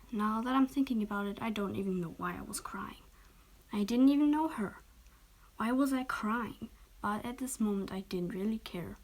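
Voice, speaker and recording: Young woman narrator; soft, whispered role-play reading. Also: medium pitch. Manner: soft, often whispered, occasional stumbles. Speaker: story reader.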